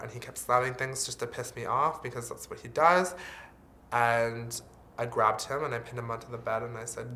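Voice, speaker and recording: A man's voice: mid-range voice, steady tone, moderate pace, bright, forceful tone, slight background noise. A man speaking in a candid, earnest confessional vlog, dropping the odd swear word. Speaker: vlogger.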